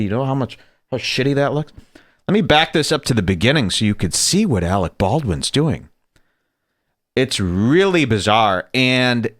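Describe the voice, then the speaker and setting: A man hosting a podcast, giving animated, sarcastic commentary on a video clip. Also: medium pitch, no room sound, clean studio sound. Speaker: podcast host.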